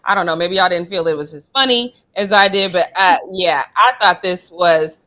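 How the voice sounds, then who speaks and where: A young adult woman co-hosting a sports chat show, animated and playful. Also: lowish voice, normal speed, few pauses. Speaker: co-host.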